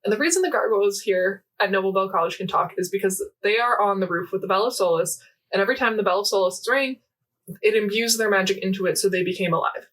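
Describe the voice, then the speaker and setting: A young woman chatting on a podcast, her voice sitting at an ordinary middle pitch. She rambles animatedly, recounting scenes in quoted dialogue with a constant stream of fillers. She sounds a little distant from the microphone. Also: fast, fairly bright tone. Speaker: podcast co-host. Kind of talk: casual chat recapping a game event.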